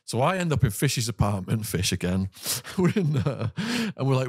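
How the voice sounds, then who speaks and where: A British man, a podcast guest, recounting a story in conversation with animated delivery, quick laughs and asides. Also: mid-range voice, husky, dry recording, studio quality. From Britain.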